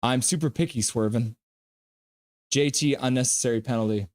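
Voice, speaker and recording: Speaking at normal speed in a slightly mellow, medium-pitched voice, a man livestreams hockey, calling the plays and bantering jokily with chat in between.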